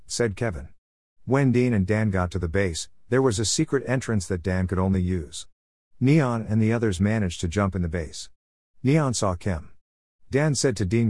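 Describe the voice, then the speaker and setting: A man narrating a children's animal story aloud in a steady storytelling manner. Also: on the low side, normal speed, no echo, studio quality.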